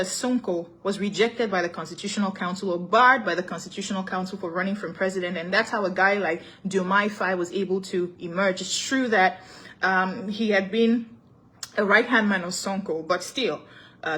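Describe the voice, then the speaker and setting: A woman's voice: medium pitch, fairly bright tone. A young woman with a Cameroonian accent hosting a casual live-stream talk show. She greets commenters by name and moves easily between English and French, laughing often.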